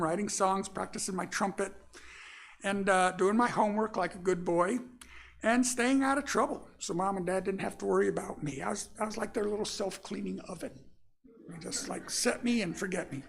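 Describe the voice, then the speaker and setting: Gravelly older man telling a sermon story. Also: high voice. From Florida. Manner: relaxed and folksy, with frequent pauses and fillers. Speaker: minister. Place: church sanctuary.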